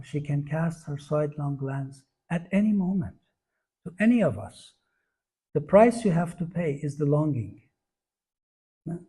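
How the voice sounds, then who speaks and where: A man with a fairly high, gravelly voice gives an earnest devotional lecture. His tone is husky and mellow, and he fills pauses with soft fillers and repeats phrases for emphasis. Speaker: spiritual teacher.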